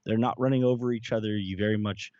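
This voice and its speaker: A man's voice: lowish voice, steady tone, quick pace, darkish tone, no room sound, lo-fi sound. A man co-hosting a casual cigar and beer tasting chat, talking in long rambling runs full of fillers and restarts. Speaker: podcast co-host.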